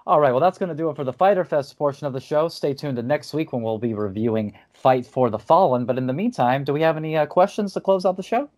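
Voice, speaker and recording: A man's voice: fairly high pitch, fast, few pauses, a little mellow. Easygoing man co-hosting a podcast. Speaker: podcast co-host. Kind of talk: casual chat.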